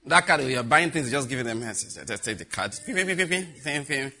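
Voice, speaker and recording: A man's voice: medium pitch, fairly quick. A middle-aged man from Nigeria telling funny stories and giving advice to young people, often breaking into laughter. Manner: laughing often, lively storyteller, preachy asides. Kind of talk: animated storytelling talk.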